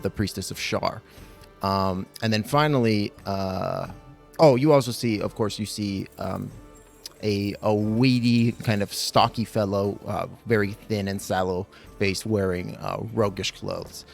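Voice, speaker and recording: A man's voice: lowish voice, steady tone, unhurried, vocal fry, faint music behind. A man narrating as game master of a tabletop game, rambling with many ums and likes.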